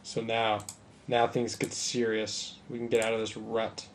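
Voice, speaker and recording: A man's voice: on the low side, level tone, a little slow, a little hiss or hum. Man musing through a strategy game. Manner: musing aloud, mildly sarcastic. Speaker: gameplay commentator. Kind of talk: casual gameplay commentary.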